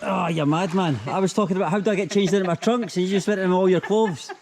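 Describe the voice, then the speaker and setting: A man's voice: high-pitched, fast. A young man vlogging casually outdoors by a jungle river pool. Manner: exclaims loudly at the cold water. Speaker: travel vlogger. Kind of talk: casual outdoor vlog chat.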